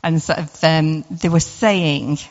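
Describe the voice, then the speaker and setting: A woman's voice: low voice, fairly even intonation, slow pace, long reverb tail. A woman giving an informal devotional talk, chatty and full of rhetorical questions and "sort of" fillers. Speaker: devotional speaker. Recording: dull lo-fi recording.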